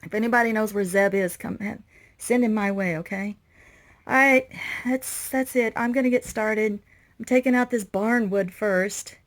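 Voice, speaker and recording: A woman's voice: medium pitch, moderate pace. A woman giving a casual, rambling walkthrough vlog inside an old motorhome, sounding stressed and overwhelmed as she talks straight to her viewers. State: overwhelmed and anxious. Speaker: vlogger renovating an old RV.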